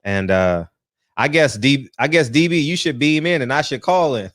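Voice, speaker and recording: A man's voice: mid-range voice, animated, moderate pace, dry recording, clean studio sound. A man hosting a casual livestream, greeting viewers by name and chatting loosely, often tagging lines with "man" and laughing. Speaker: host. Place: home, just out of the shower.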